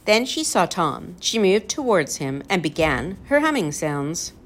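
Woman narrator, storybook reading, low voice, animated. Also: measured pace. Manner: lively expressive reading.

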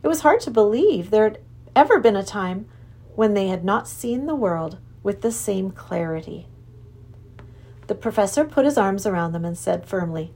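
A woman narrating a storybook aloud in an expressive, lively way. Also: medium pitch, moderate pace.

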